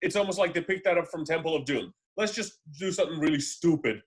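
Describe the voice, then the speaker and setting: A man's voice: on the high side, lively intonation, fast talker, breathy edge. A man chatting casually as a podcast co-host over a remote call, rambling with fillers and swearing. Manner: rambling, profane, frequent fillers and restarts. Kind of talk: casual chat.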